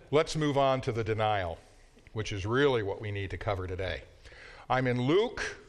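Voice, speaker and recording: A man teaches a Bible class in an easygoing, conversational manner, moving from anecdote to scripture. His voice sits at an ordinary middle pitch for a man.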